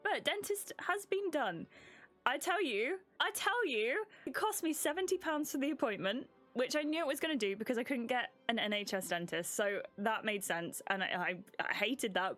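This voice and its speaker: Woman, British accent, young adult, streamer, casual rambling story, fillers and restarts, slightly high voice. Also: a bit bright.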